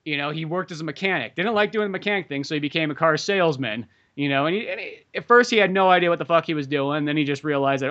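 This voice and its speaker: Man, podcast host, casual rambling chat, high-ish voice, swears a lot, dull lo-fi audio. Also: fast talker, hardly any pauses, fairly bright tone.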